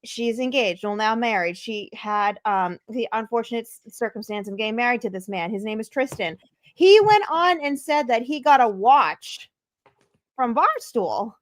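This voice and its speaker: Woman co-host, high voice, dry sound, plain questions. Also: lively intonation, moderate pace, no echo. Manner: asks questions plainly, reads chat. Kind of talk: casual chat.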